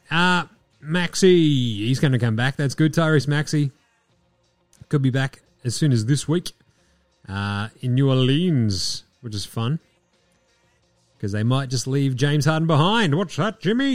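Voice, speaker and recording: A man's voice: medium pitch, dry recording. Laid-back Australian man hosting. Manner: laid-back, swearing, jokey asides. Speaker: podcast host. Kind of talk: casual chat.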